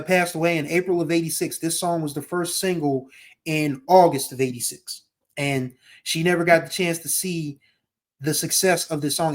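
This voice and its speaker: A man hosts a casual music podcast in a slightly high voice. He talks in a heartfelt, rambling way, circling back on his thoughts and now and then singing a line of a song. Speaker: podcast host.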